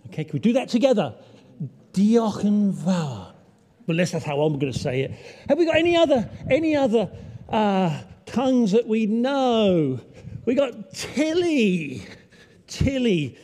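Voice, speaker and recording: A man's voice: high voice, very animated, normal speed, a little mellow. A man leading an all-age church talk, playful and chatty, drawing the congregation in. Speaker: church leader. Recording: long hall reverb.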